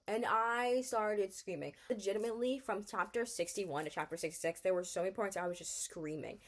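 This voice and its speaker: A young woman vlogger recapping a book she read, talking excitedly and laughing as she rants. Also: mid-range voice, brisk, hardly any pauses. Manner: excitable, gushing, laughs often.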